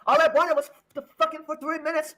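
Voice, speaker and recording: A man putting on the voice of a whiny, indignant young male online troll, shrill and complaining. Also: level tone, fast talker, fairly bright tone. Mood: frustrated.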